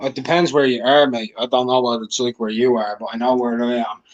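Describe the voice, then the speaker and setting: A man's voice: medium pitch, fairly even intonation, fairly quick. A man from Ireland chatting casually on a live stream call, bantering with frequent stammered restarts. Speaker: stream caller. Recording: dull lo-fi call audio.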